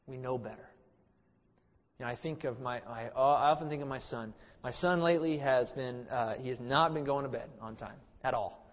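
A man in his thirties preaching a sermon as pastor, impassioned, swinging from loud emphasis to a low hush. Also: normal speed. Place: church sanctuary. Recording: muffled sound in a hall with long reverb.

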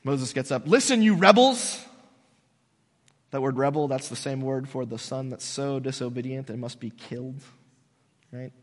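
A man preaching a casual, animated sermon, telling stories conversationally. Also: mid-range voice, moderate pace. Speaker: pastor. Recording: long hall reverb.

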